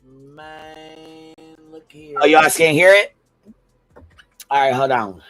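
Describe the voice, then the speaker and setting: A man's voice: a little high, slow, a bit bright, faint music behind, rough recording. A man on a livestream panel reading a legal filing aloud, breaking off into blunt, profane, incredulous asides.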